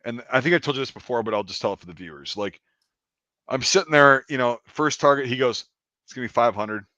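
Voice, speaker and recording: A man's voice: mid-range voice, fast talker, no room sound. A man, an army veteran, telling war stories in a casual, profane chat. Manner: profane, animated anecdote telling. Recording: dry, slightly dull sound.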